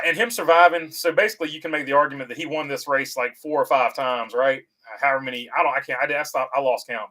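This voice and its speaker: A man at a middle pitch hosts a casual live stream and answers viewer comments. He talks in an easygoing, halting way, full of "uh" fillers and restarts, and he reassures his regulars in a friendly tone. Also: fairly bright tone, poor audio. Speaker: host reading viewer comments. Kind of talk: casual livestream chat about racing.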